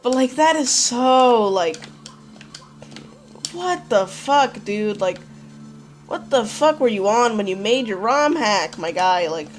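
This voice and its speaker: A woman's voice: fairly high pitch, lively intonation, slow pace, soft background music. A woman hosting a let's play, talking casually and profanely with lots of "like" and "dude". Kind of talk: gameplay commentary.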